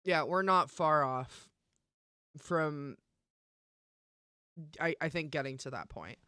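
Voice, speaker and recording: Bright, crisp-voiced woman streamer ranting. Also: low-pitched, slow, no room sound, studio quality. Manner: emphatic and profane, with many fillers. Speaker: live streamer. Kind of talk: casual live-stream rant.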